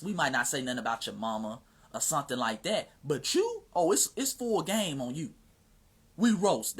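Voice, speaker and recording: A man from the United States hosts a casual livestream, fielding questions in a husky, fairly bright, high-pitched voice. He talks with emphasis and plenty of slang, regularly checking in with listeners by asking "you see what I'm saying."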